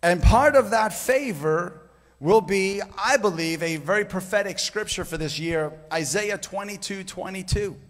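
A man delivers a fervent charismatic sermon, hammering key phrases through repetition. His voice sits high. The long reverb of a church sanctuary trails every phrase. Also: unhurried. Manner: fervent, storytelling, emphatic repetition. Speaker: guest preacher.

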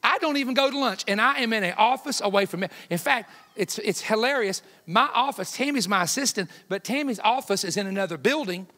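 A man in his fifties, a guest evangelist preaching a sermon with folksy, joking personal stories that build to loud emphatic peaks. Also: sits high, expressive, fairly quick, hardly any pauses. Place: church sanctuary. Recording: long hall reverb in a church.

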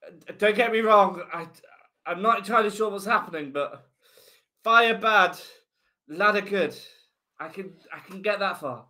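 A man's voice: high-pitched, moderate pace, pauses often, sharp tone. A man voicing a dazed, blunt woman adventurer in a tabletop game, speaking plainly. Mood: weary, blunt. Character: dazed, frank woman adventurer escaping a fire.

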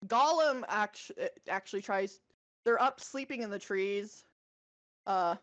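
A woman's voice: medium pitch, a little slow, fairly bright tone, no echo. A woman co-hosting a podcast, casually retelling a book's plot with many fillers and self-corrections. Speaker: podcast co-host.

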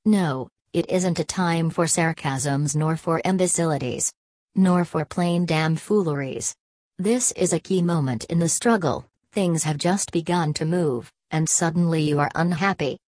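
A woman reading a sarcastic, forceful male leader. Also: on the high side, measured pace, dry recording, studio quality. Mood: angry. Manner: biting, mocking sarcasm. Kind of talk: audiobook character reading.

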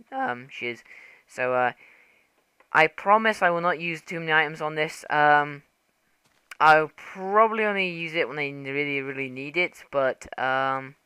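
Young male gaming host, casual and rambling, easily excited, bright edge, dry recording. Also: fairly high pitch, clean tone, no echo. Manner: rambling, excitable, swears and laughs often. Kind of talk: casual gameplay commentary.

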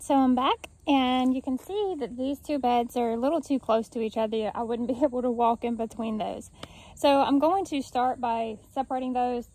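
A woman with a fairly high, darkish voice chats to the camera in her backyard garden, explaining each step of her work as a gardening vlogger. She sounds out of breath at times, and the recording is rough.

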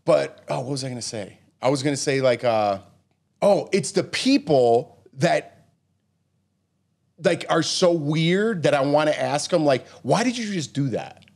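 Animated man co-hosting a chat show. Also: fairly high pitch, a little slow. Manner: animated, rants and acts out imagined exchanges; says "you know what I mean" a lot. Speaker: podcast co-host. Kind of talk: casual chat.

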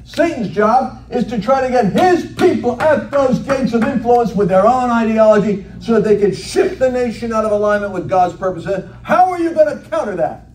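A man giving an animated, jokey sermon as a guest preacher, acting out quoted voices. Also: very high voice, normal speed, few pauses. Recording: echoey hall from far off, faint noise.

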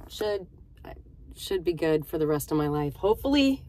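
A woman's voice: low voice, lively intonation, normal speed, a little mellow, no room sound. A woman vlogger telling a personal story in a casual, chatty way, often speaking straight to her viewers. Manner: chatty, conversational, with fillers and direct address.

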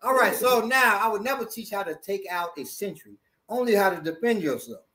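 High-voiced man teaching self-defense. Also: brisk. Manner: animated, jokey, repeats words. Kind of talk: hands-on demonstration.

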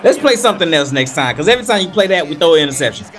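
A young man giving casual play-by-play commentary while playing a football video game, animated, hyped and trash-talking. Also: on the high side, rapid-fire. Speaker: gaming video creator.

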